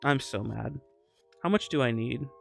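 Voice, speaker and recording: A man's voice: medium pitch, moderate pace, vocal fry, fairly bright tone, faint music behind. A young man playing a video game and ranting angrily, swearing often about losing a fight. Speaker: gamer streamer. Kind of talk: casual gameplay rant.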